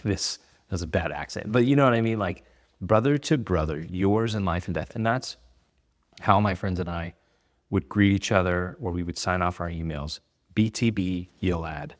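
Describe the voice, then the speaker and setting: A man and business owner giving casual advice to the camera, conversational and rambling, with many fillers. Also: low voice. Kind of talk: casual talking-head advice.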